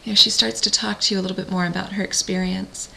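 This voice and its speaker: Gentle woman guiding a visualization. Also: medium pitch, level tone, gravelly, rough recording. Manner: gentle, slow, soothing. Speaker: parent coach. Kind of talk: guided visualization.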